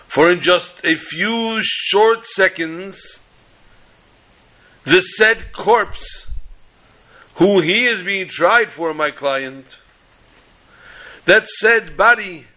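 A man voicing an impassioned male defense attorney who speaks in booming, slow, drawn-out oratory. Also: lively intonation, pushed and bright, exaggerated voice, low-quality recording. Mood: grandiose.

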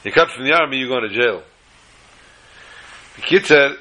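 Animated man telling stories. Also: medium pitch, normal speed, rough recording. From United States. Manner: animated storyteller, shifts between voices. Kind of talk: storytelling sermon with jokes.

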